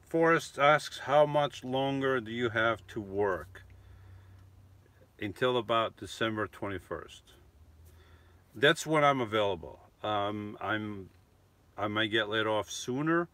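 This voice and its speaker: Chatty middle-aged man, bright tone. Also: on the low side, slow, no echo. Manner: chatty, rambling, frequent restarts and self-corrections. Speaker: vlogger answering live chat. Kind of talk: casual live-stream chat.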